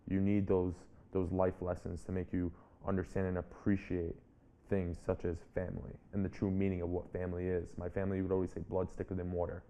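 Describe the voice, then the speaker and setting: A man's voice: low-pitched, completely flat delivery, a little fast, warm tone. A man in his twenties, an interview guest and speaker, telling a personal story in an earnest, reflective way and often restarting his phrases. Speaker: guest, public speaker and author.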